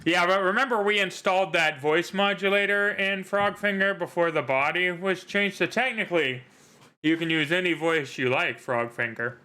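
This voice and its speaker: A man running a tabletop role-playing game on a livestream. His voice is bright and somewhat tense, sitting a bit high. He jokes and rambles, full of fillers and asides. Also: normal speed. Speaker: game master.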